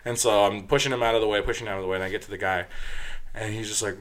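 A man in casual chat telling a story of his security work, profane and animated, with lots of fillers. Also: on the low side, racing.

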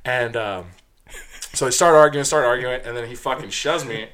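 A man in casual chat telling a story of his security work, profane and animated, with lots of fillers. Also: mid-range voice, moderate pace.

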